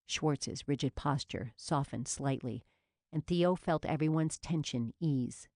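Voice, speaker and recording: A woman narrating a police novel as an audiobook in an even, measured reading. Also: sits low, no room sound, clean studio sound. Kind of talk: scripted narration.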